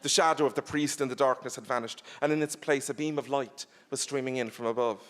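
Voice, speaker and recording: A man, an author, giving an expressive live reading of his own novel. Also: medium pitch, fast talker. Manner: expressive, animated storytelling.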